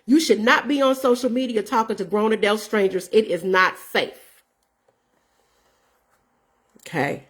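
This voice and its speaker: A woman in her fifties, host of her own show, talks unhurriedly with long pauses in a medium-pitched voice that has a breathy edge. In an earnest, casual way she tells her viewers a story, calls them "y'all," and reads out messages.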